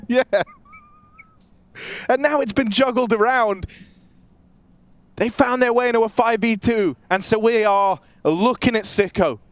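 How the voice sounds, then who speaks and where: High-voiced man bantering on a cast. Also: no room sound. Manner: joking, laid-back, quick to laugh. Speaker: esports caster. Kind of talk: casual commentary banter.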